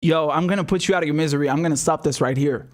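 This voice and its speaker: A man with a fairly high-pitched voice races through his reactions to political clips. His commentary is profane, incredulous and mocking, and he swears often.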